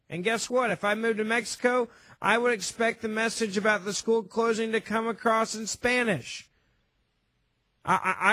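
A man's voice: very high-pitched, pushed and bright, no room sound. A young man hosting a call-in talk radio show, speaking emphatically with sarcastic, opinionated asides. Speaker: fill-in talk radio host.

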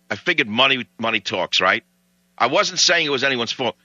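A man hosting talk radio, telling a story in animated comic outrage. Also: medium pitch, brisk, no room sound, lo-fi sound.

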